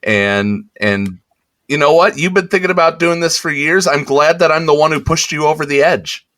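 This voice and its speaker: A man hosting a podcast, making a rambling, halting announcement in casual chat. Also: fairly high pitch, fairly bright tone. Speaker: podcast host.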